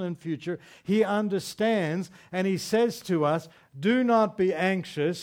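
A pastor delivering a sermon, preaching with repeated refrains and rhetorical questions. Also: male voice, high voice, darkish tone.

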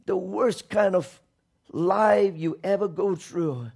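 High-voiced impassioned male preacher. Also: slow pace, vocal fry. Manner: impassioned, swinging between shouted and hushed lines. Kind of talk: sermon.

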